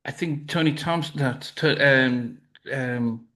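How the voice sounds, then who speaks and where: Man asking halting interview questions. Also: mid-range voice, bright, forceful tone. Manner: halting, stumbling questions with many restarts. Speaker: interview host.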